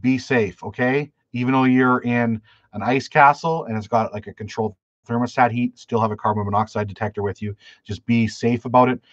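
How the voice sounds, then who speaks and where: A man from Canada chats on a fishing live stream. He rambles through stories with frequent restarts and turns to answer viewer questions. His voice sits at a middling pitch and sounds dry and a little dull, close to the mic. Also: fairly even intonation, a little fast, no echo. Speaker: fishing channel host. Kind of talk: live stream chat, reading viewer comments.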